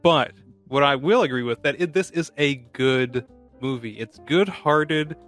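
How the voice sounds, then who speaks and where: A man co-hosting a casual movie-review podcast, wry and quick to laugh, swearing casually. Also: mid-range voice, a bit bright, faint music behind. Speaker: podcast co-host. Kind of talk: casual movie-review chat over beer.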